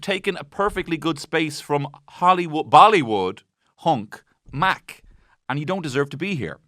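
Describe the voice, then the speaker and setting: A man hosts a comedy podcast and talks through an episode in a rambling, sweary, jokey way. His voice is bright and swings widely in pitch. The studio sound is close and dry. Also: big pitch swings, normal speed, dry recording. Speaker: podcast host.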